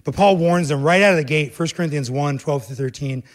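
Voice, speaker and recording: A male pastor preaching a sermon with emphatic delivery, swinging between hushed low passages and raised, urgent ones as he addresses the congregation directly. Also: brisk.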